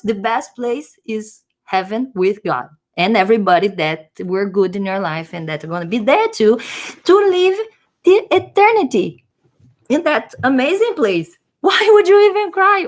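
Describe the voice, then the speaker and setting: A woman's voice: a little high, very animated, measured pace. A woman vlogger musing in a casual monologue, rambling and hesitating as she searches for words.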